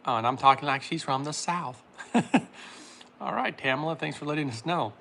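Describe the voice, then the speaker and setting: A man hosting a casual livestream, reading chat comments aloud and laughing often while making a smoothie. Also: on the high side, normal speed, pushed and bright, a little hiss or hum.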